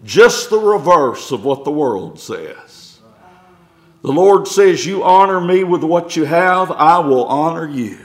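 A man's voice: a little high, animated, takes it slowly. A middle-aged male pastor preaching a sermon, reading scripture aloud and building to emphatic points.

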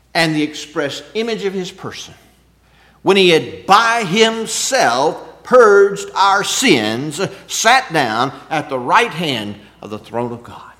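A man's sermon comes across as conversational, full of rhetorical questions, swinging from loud emphasis to quiet asides. His voice sits on the high side.

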